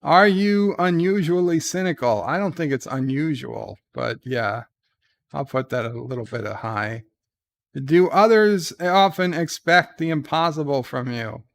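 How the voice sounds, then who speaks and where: Slow, gravelly deadpan man. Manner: dry, deadpan self-deprecating humor; reads questions brightly, answers low and mumbled. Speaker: show host. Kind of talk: casual chat, reading quiz questions aloud. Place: at home.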